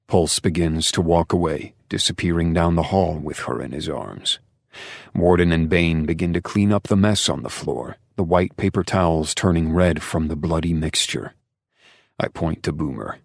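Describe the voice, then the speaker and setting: A man narrating a dark romance audiobook in the first person, with intense, emotional delivery and hushed passages. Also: deep voice, normal speed, vocal fry, no room sound, studio quality.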